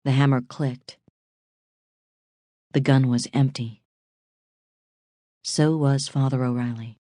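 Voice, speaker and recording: A woman narrating a crime thriller audiobook in a measured, suspenseful reading. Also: rumbling low, steady tone, warm tone, no echo.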